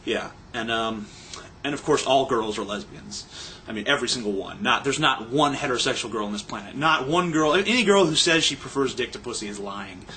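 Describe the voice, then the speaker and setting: A man's voice: mid-range voice, animated, a little fast, sharp tone, a little hiss or hum. A young man ranting to his camera in a rambling, sarcastic and crude casual way. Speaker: vlogger. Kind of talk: casual profane rant.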